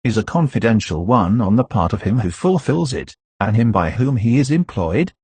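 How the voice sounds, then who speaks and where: A man's voice: lowish voice, sing-song, moderate pace, darkish tone, husky, dry recording, full character voice. A man voicing a polite, hesitant male envoy of the police in an audiobook, speaking formally.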